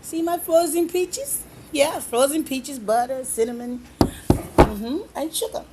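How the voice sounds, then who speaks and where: Woman, home cook, high and leisurely, playful folksy patter, noisy kitchen sound. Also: slow. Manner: playful, folksy, chatty with the viewers. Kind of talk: cooking demonstration.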